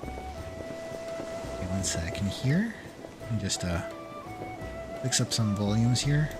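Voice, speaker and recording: A man giving relaxed, casual commentary while playing a game, thinking aloud with pauses. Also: medium pitch. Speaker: streamer. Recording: game music clearly behind. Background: game music.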